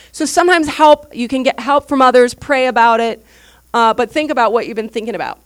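A woman pastor with a slightly higher voice preaches to her congregation at a church service. Her talk is informal and candid, more like a conversation than a lecture, and she acts out what other people said. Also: expressive, quick pace. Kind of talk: teaching sermon.

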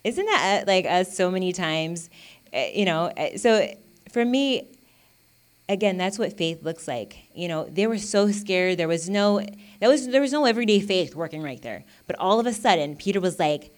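A woman's voice: on the low side, lively intonation, moderate pace. A woman giving a casual, earnest Bible teaching, talking conversationally with lots of "you know" and "like". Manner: earnest and encouraging.

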